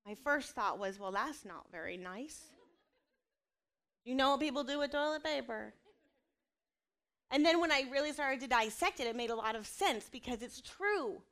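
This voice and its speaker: High-voiced woman, candid and confessional. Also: animated, moderate pace, a bit bright. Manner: earnest and confessional, with self-deprecating asides. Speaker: mother sharing a personal testimony. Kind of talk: candid personal talk.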